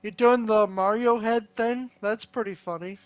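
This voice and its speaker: A man's voice: high voice, fairly even intonation, moderate pace, clear, resonant tone, dry recording. A man goofing around with an AI character, rambling silly jokes and giggling. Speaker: user chatting with an AI character. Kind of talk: goofy joking chat.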